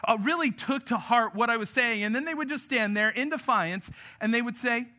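A man's voice: extremely high pitch, fairly quick, sharp tone. A man in his thirties preaching a sermon, talking with the congregation in a conversational, joking way. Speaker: pastor.

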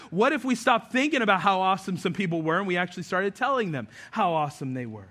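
A man's voice: high voice, big pitch swings, quick pace, few pauses, sharp tone. A man preaching a sermon as a pastor, earnest and conversational, with self-deprecating asides.

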